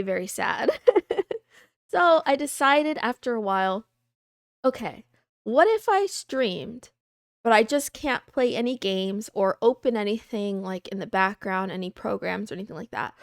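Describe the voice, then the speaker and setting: A young woman hosting a casual livestream, chatting and answering viewer questions in a soft, rambling, self-deprecating way. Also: medium pitch, lively intonation, moderate pace, vocal fry, no echo, clean studio sound.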